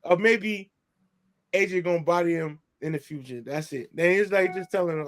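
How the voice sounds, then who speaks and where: A man's voice: sits high, normal speed, no room sound. A man co-hosting a casual boxing podcast, rambling in slang with frequent restarts. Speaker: podcast co-host.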